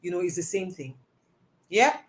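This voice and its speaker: A woman's voice: on the low side, lively intonation, moderate pace, slight background noise. A woman giving a live talk, answering audience questions in an earnest, emphatic way and repeating phrases for stress. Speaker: personal development speaker.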